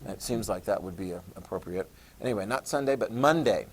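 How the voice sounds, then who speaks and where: Animated male history teacher lecturing. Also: lowish voice, breathy edge. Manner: animated storytelling, acts out leaders in quick voices; repeats key terms for note-taking. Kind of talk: classroom lecture.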